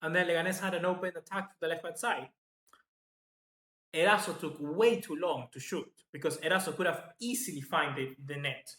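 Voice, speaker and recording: A man hosting live football match reaction commentary, chatty and excitable, reading out viewer comments. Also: a little high, a little fast. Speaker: football fan channel host. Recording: echoey room.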